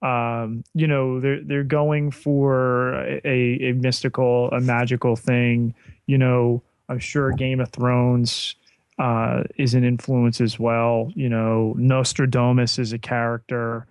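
A man's voice: mid-range voice, level tone, slow pace, clean tone, dry recording. A man co-hosting a podcast in casual chat, with dry, sarcastic remarks and frequent "uh" and "you know". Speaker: podcast co-host.

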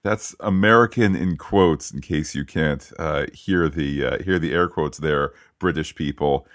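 A man co-hosting a podcast, recapping a TV episode in casual, animated chat with frequent restarts and asides. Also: rumbling low, unhurried, hardly any pauses, dry recording, clean studio sound. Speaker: podcast co-host.

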